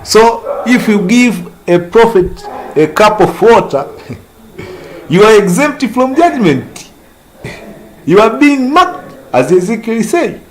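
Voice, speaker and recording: A man's voice: high voice, sing-song, slow pace, pauses often, slight background noise, low-quality recording. A man with an East African accent street preaching, laughing often, crude and repetitive as he scolds his listeners.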